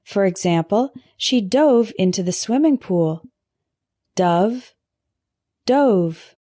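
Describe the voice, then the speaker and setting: A woman teaching English vocabulary in a scripted lesson, pronouncing word pairs slowly and carefully for learners to repeat. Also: medium pitch, lively intonation, dark tone, dry recording, studio quality. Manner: slow, careful pronunciation drills.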